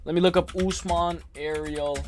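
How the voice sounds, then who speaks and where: A young man hosting a livestream in casual chat, excitable and rambling, often repeating himself and saying "like" and "bro". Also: a little high, moderate pace, a little hiss or hum. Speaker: livestream host.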